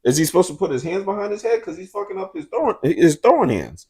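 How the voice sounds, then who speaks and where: A man hosting a casual sports chat, slangy and animated, swinging from loud outbursts to soft asides. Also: high-pitched, fast. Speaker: podcast host.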